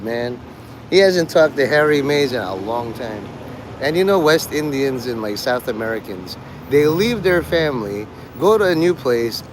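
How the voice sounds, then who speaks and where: A man's voice: mid-range voice, background noise. A man streaming, rambling in casual commentary, sarcastic and swearing, mocking people. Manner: sarcastic, swears, mocks others in put-on whiny voices.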